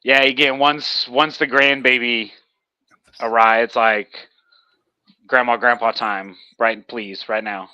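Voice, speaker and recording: A young man with a light Texan accent chats in a loose, rambling way, with plenty of fillers. His voice is bright and forward, recorded dry and close. The sound is a little dull and lo-fi. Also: medium pitch, fairly even intonation, takes it slowly, clean tone, dry recording. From Texas. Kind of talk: casual chat.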